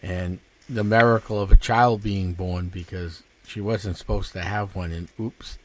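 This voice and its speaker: A man's voice: low voice, fairly even intonation, measured pace, slight background noise, low-quality recording. A man hosting a cable access talk show, giving short, affirming replies to his guest. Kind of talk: casual interview chat. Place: local access TV studio.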